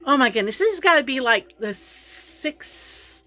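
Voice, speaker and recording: A woman's voice: high voice, big pitch swings, measured pace, sharp tone. A middle-aged woman chatting casually to her vlog viewers, rambling and laughing through her frustration. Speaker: vlogger.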